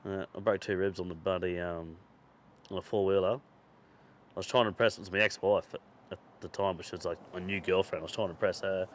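A low-voiced, cursing storyteller man. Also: fairly even intonation, brisk. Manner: swears freely, laughs through his stories. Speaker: podcast host. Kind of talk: casual chat, rambling anecdote.

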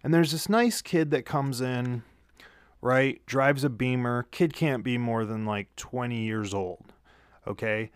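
A tired man, just off work, tells a rambling, profane story into a handheld studio mic with a pop filter, correcting himself often. His voice is medium-pitched, slow and clean, recorded in clean studio sound with no echo.

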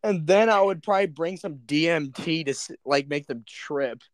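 A young man with a slightly higher voice joking around in casual, profane chat. He laughs along easily. The recording is dry and close. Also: normal speed, no room sound.

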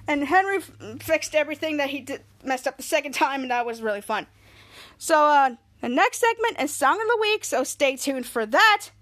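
A woman hosting a podcast, casually recapping an episode in a rambling, excitable way and often laughing as she talks. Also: high-pitched. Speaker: podcast host.

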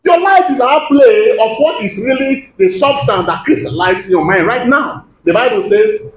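A man with a high voice preaches with emphatic force, putting questions to his listeners. He is recorded in an echoey church, with a faint hum underneath. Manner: emphatic preaching, calls to the congregation. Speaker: pastor. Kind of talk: sermon.

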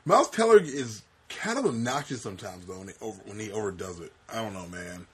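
A young man co-hosting a podcast in a husky, slightly breathy voice. He speaks in an easygoing, laid-back way, trailing off and circling back as he chats. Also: on the low side, lively intonation, fast. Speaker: podcast co-host. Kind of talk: casual chat.

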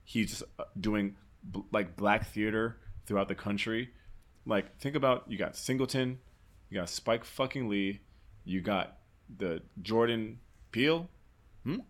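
A man with a somewhat low voice holds forth in a relaxed podcast conversation. He argues animatedly, peppering his points with curse words and rising with emphasis. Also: a little slow. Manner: animated, argumentative, swears often. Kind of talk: casual podcast chat.

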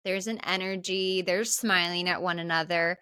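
A woman co-hosting a podcast, talking through a movie scene by scene. She is animated and jumps into higher voices to act out lines. The sound is dry and close to the mic. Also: normal speed, clear, resonant tone, dry recording. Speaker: podcast co-host. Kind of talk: casual film recap chat.

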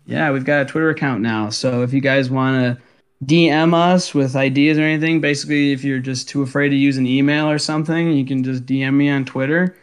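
A young man co-hosting a casual podcast chat, excitable and rambling, often restarting his sentences. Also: mid-range voice, a little fast, smooth. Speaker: podcast co-host.

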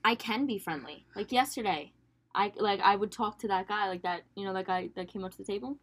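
A woman's voice: medium pitch, fairly quick, fairly bright tone. A woman co-hosting a casual podcast chat, teasing and chatty, often saying "like". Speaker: podcast co-host.

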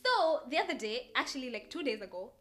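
A woman's voice: sits high, big pitch swings, quick pace, bright, forceful tone. Rambling young Kenyan woman podcaster. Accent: Kenyan English drifting American. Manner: rambling, hops between thoughts, laughs often. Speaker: podcast host. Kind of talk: casual solo chat.

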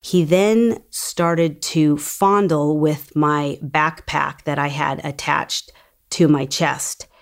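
A woman who survived an attack, calmly telling her story as personal testimony. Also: deep voice, vocal fry. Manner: calm, measured storytelling.

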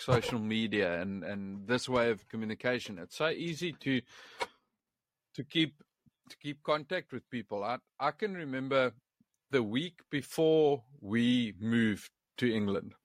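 A man's voice: medium pitch, unhurried. A South African man tells stories in a loose, swearing, chatty way. He often stumbles and repeats himself as he talks. His mid-range voice sounds dry and close, with no room echo. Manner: lively, profane, repeats words at the starts of phrases. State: living abroad in England. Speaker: podcast guest. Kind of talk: casual storytelling chat.

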